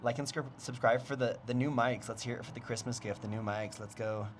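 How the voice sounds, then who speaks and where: A fitness instructor leads a mobility workout at home, his medium-pitched voice steady and brisk. Testing a new microphone, he gives instructions, counts down, and jokes and laughs. Background noise is present, including a lawn blower outside.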